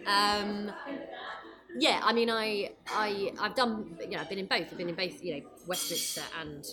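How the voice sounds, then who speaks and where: Casting: chatty self-deprecating woman, mid-pitched, restaurant interview with music behind. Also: fairly even intonation, normal speed. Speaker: guest. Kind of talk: casual chat over lunch. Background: background music.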